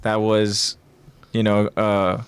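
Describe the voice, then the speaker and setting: A man co-hosting a casual podcast discussion, animated, putting on raised voices for quoted lines and thinking aloud with fillers and restarts. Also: on the low side, slow, smooth. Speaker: podcast co-host.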